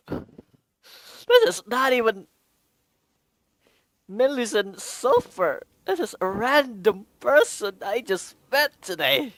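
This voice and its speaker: A woman's voice: mid-range voice, animated, slow pace, no echo. A young woman streamer reacting emotionally to a game story, exclaiming as she watches.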